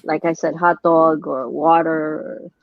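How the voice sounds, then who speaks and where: Low-voiced woman on a muffled call. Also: steady tone, a little slow, no echo. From northern United States. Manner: laughs a lot, hesitant fillers. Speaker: guest collector. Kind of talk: casual chat. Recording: dull lo-fi call audio.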